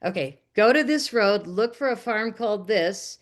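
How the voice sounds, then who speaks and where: A woman's voice: mid-range voice, normal speed. An American woman, a documentary filmmaker and guest on an interview, tells a personal story casually and acts out the voices of the people in it. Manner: animated, acts out quoted dialogue.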